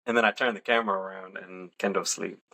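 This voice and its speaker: A relaxed young man chats through a personal story on a podcast, laughing now and then. His voice sits low and has a gravelly edge. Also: fast. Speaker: podcast co-host. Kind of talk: casual storytelling.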